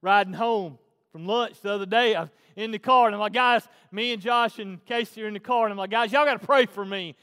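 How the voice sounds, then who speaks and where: A man preaching a sermon as pastor, swinging from hushed, tender passages to loud, fervent ones. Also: high voice, a little fast, few pauses, clear, resonant tone. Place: church. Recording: long hall reverb.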